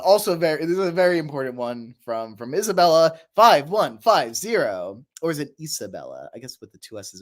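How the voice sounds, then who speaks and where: Lively rambling man on a livestream. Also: medium pitch. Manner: rambling, laughs often, many fillers. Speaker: voice actor answering chat questions. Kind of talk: casual livestream chat.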